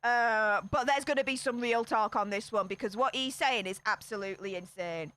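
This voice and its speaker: A woman in her thirties from Yorkshire, England, hosts a casual livestream, greeting viewers in a sassy, chatty way with quick hellos and northern slang. Her Yorkshire-accented voice is fairly high and a bit bright.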